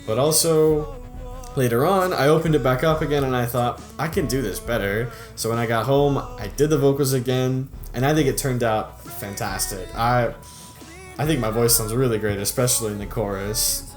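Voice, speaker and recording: A young adult YouTube creator revisits his own videos, speaking in a mid-range voice at a normal speed with faint music in the background. His commentary is relaxed and cheerful, full of laughter and unfinished sentences.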